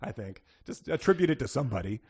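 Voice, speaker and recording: A man co-hosting a podcast, chatting casually and jokingly about an old book, laughing often and filling pauses with "uh" and "like.". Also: medium pitch, big pitch swings, creaky, a little mellow, breathy edge. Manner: jokey, laughs often, many fillers. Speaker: podcast co-host.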